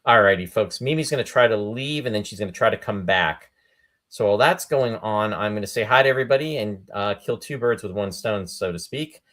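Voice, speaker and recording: A man's voice: lowish voice, brisk, fairly bright tone. A male host chatting on a live video stream, upbeat and talkative, greeting viewers by name. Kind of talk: casual live-stream chat.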